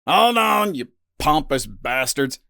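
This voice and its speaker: A man voicing a grizzled, gruff human colonist who drawls and mocks. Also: a little high, big pitch swings, slow pace, pushed and bright, no room sound, studio quality, voice pushed up, full character voice. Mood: mocking.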